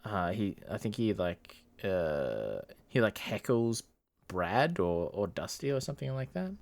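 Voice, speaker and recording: A man's voice: on the low side, very animated, unhurried, gravelly, a little mellow, dry recording. A man co-hosting a podcast, recapping a film in loose casual talk full of fillers. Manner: rambling, lots of fillers and laughs. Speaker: podcast co-host. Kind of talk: casual movie review chat.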